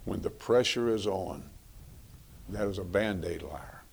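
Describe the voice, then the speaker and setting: A middle-aged man delivers a sermon in a folksy, conversational manner, often repeating himself for emphasis. His voice sits low and carries a gravelly rasp. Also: unhurried. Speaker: preacher. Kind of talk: sermon on marriage.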